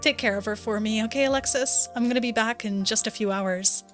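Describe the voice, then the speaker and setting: Woman voicing a tired, gentle young dad. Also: fairly high pitch, a little fast, soft background music, close to an everyday voice. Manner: soft, reassuring.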